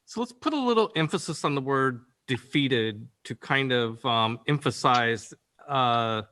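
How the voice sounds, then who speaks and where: A man's voice: mid-range voice, expressive, a little slow, pushed and bright. A man directing voice actors in a recording session, giving rambling instructions full of fillers over a video call.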